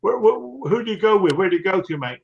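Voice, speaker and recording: Chummy man, high and muffled. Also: expressive, fast, gravelly, a little hiss or hum. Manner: chummy, calls everyone mate. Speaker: live stream host. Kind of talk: casual chat.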